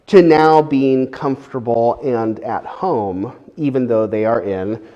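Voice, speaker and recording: A man's voice: mid-range voice, takes it slowly, dark tone, dull audio. Conversational man giving a sermon. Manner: explanatory, conversational, with fillers. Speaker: preacher.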